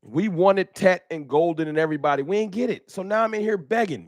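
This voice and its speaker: An animated man hosts a fan talk livestream, voice pitched a little high for a man. He talks in a slangy, emphatic way, repeating points as he argues. The sound is dry and close, with almost no room echo. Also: a little fast. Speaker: host.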